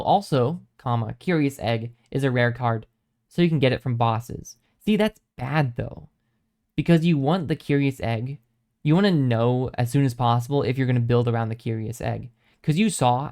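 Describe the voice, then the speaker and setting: A male game streamer wrapping up a session with loose, casual commentary. He rambles from thought to thought, hedging and restarting his sentences. His voice sits at an ordinary, middle pitch. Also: a little mellow. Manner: rambling, thinks aloud; hesitant, many ums and restarts.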